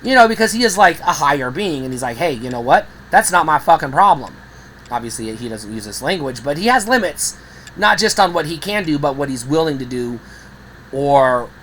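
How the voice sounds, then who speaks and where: A woman's voice: low-pitched, a little hiss or hum, low-quality recording. A woman in a candid personal monologue, blunt and heavily profane, growing heated and acting out the voices she quotes. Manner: animated, acts out quoted voices. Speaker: video creator.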